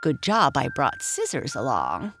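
A woman's voice: extremely low pitch, wildly swooping pitch, measured pace, a bit bright, faint music behind, pitched below the performer's own voice, exaggerated voice. A woman voicing a tiny, fussy, well-spoken male grub in a read-aloud storybook.

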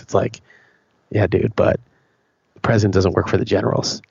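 A man with a low, gravelly, slightly husky voice gives his opinions bluntly on a podcast, swearing freely and restarting his sentences. The audio is dry and a little dull. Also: level tone, brisk, darkish tone, no echo. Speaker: podcast co-host. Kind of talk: casual opinionated chat.

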